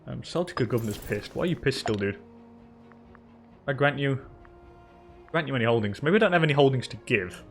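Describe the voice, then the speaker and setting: A man's voice: medium pitch, expressive, brisk, gravelly, long pauses, soft background music. Rambling, chatty male gaming host. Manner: chatty, rambling, swears casually, talks to game characters. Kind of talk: casual let's-play commentary.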